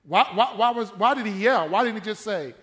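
A man's voice: sits high, brisk, fairly bright tone. A man preaching a sermon in church, emphatic and firing questions at the congregation.

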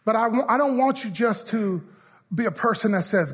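A man a sermon, calling out to the congregation and leading call-and-response, his lines half sung and shouted. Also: sits high, animated, moderate pace, slight background noise. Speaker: pastor.

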